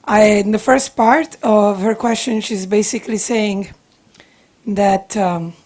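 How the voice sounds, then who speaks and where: A woman moderates and interprets, her voice sitting at a middle pitch. She sounds emotional and apologetic and rambles as she rephrases a question. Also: steady tone, slow, darkish tone.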